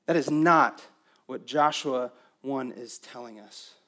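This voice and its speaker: A man preaching a sermon as pastor, swinging between emphatic raised passages and quiet, intimate stretches. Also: medium pitch, takes it slowly.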